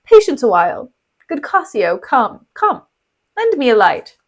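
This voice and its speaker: A mocking, scheming man stirring up trouble, voiced by a woman reading the play. The delivery is sly and offhand. The voice sits high. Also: sing-song, unhurried, full character voice. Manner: sly, shifting between archaic lines and slangy paraphrase.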